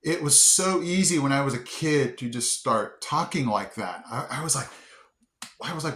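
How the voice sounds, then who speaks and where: An upbeat man hosts his own vlog in a relaxed, chatty way and is quick to laugh at his own mistakes. His voice sits at a middling pitch for a man. The room around him gives it a noticeable echo. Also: slight background noise. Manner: upbeat, chatty, self-deprecating. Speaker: vlog host. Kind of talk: casual vlog chat. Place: indoor room. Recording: roomy echo.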